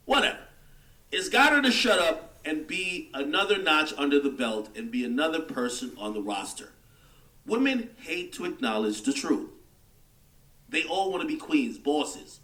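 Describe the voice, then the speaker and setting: A man's voice: fairly high pitch, lively intonation, moderate pace, bright, forceful tone, roomy sound, recorded from a distance. A man hosting a livestream, delivering a heated, mocking rant in casual commentary. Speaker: livestream host.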